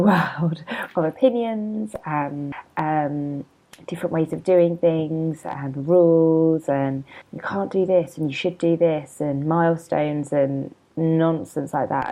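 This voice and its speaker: A woman in her thirties talks through a casual solo podcast with a low, gravelly voice. She is chatty and self-deprecating, drifting into asides. Her tone is mellow and a little tired from a hangover. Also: takes it slowly, poor audio. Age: 30s. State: hungover and yawning. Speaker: podcast host and blogger.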